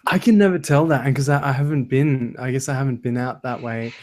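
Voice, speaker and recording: A man's voice: mid-range voice, a little fast, a little mellow. A man who is a voice actor chats with a group in an enthusiastic, easily amused way. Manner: enthusiastic, laughs often. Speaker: voice actor guest. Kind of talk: casual group chat on a live stream.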